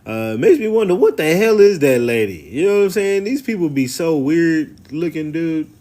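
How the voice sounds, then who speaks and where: A man's voice: fairly high pitch, lively intonation, moderate pace, dark tone. A man reacting to a video clip in loose, sarcastic commentary, full of slang and asides.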